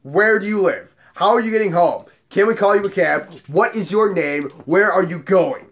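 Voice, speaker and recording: Dude acting out a fed-up bouncer, firm and stern, slightly high voice. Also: male voice, moderate pace. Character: patient but fed-up male bouncer.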